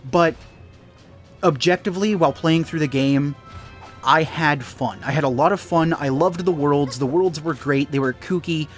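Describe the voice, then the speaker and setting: A man's voice: on the high side, normal speed, soft background music. A young man with a Canadian accent, a gaming YouTuber rambling through casual chat and often correcting himself. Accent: Canadian English.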